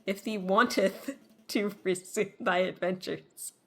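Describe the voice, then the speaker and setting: A woman voicing a solemn temple guide in a video game, speaking slowly in formal, old-fashioned phrasing. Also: mid-range voice, fairly even intonation, a bit bright.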